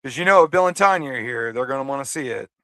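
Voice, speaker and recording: A man co-hosting a casual talk show, halting and repeating words as he rambles. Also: medium pitch, lively intonation, pushed and bright, no room sound. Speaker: co-host. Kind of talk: casual podcast commentary.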